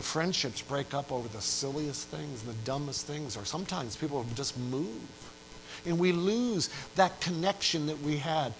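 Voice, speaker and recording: A man's voice: mid-range voice, fairly bright tone, slight background noise, poor audio. An older man from Western New York, a pastor preaching a sermon with earnest storytelling and emphatic repetition.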